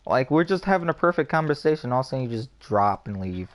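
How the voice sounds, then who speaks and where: A man's voice: mid-range voice, fast talker, slight background noise. A young man chatting casually over a game headset, gossiping with heavy swearing and mimicking people. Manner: profane, animated gossip with quoted voices. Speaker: gamer chatting on a live stream. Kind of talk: casual chat.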